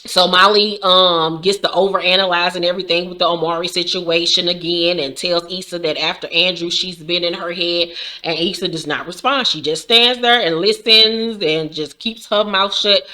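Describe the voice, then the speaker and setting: Forceful, chatty woman recapping a show. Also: fairly low pitch, fairly even intonation, normal speed. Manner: slangy, profane, chatty storytelling. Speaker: YouTuber recapping a TV episode. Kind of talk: casual recap chat.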